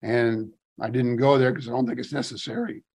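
A man's voice: mid-range voice, steady tone, a little fast, darkish tone, slightly rough. A man leading a Bible study, reading scripture aloud and commenting on it in casual asides, rising emphatically on key phrases. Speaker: Bible teacher.

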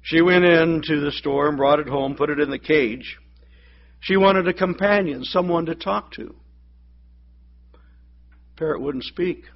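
A man's voice: on the high side, lo-fi sound, slight background noise. A man preaching a sermon, telling a joke and doing the voices of the people in it. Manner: storytelling, acts out voices in the joke. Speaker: pastor.

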